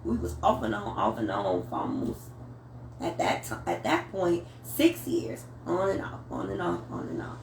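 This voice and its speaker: A woman's voice: extremely low pitch, huge pitch swings, moderate pace, darkish tone. A woman guest in a casual chat, talking candidly about her own life. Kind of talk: casual chat over drinks. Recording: echoey room, voice from mic distance, faint noise.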